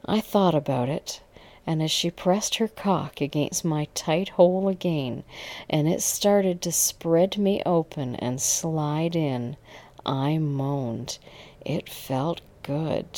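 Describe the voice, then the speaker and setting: A woman's voice: deep voice, darkish tone. A woman narrating an erotic audio story in the first person, intimate and at times dropping to a whisper.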